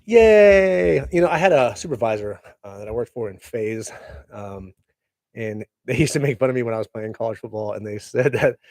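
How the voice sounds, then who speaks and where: A man's voice: on the low side, brisk, no echo. A man hosting his own show in a casual solo monologue, joking and plugging himself with playful, spelled-out asides. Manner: jokey self-promoting, spells things out, animated bursts. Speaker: podcast host.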